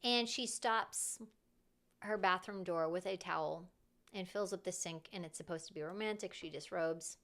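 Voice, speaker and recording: A woman streamer telling a story in casual chat, in an animated, chatty way. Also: on the low side, normal speed.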